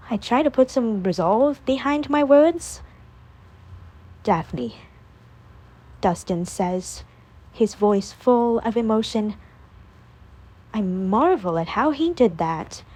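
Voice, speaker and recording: A woman narrating a first-person audiobook in a calm, measured reading voice. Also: a little high.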